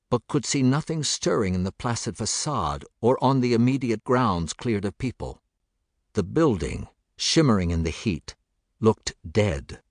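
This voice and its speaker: A man narrating a thriller audiobook in a measured, steady voice. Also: lowish voice, no room sound, clean studio sound.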